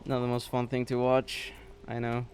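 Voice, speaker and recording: A man's voice: mid-range voice, monotone, normal speed, darkish tone, slight background noise. A man hosting a let's play, chatting casually as he plays and reading game text aloud. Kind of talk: casual gameplay commentary.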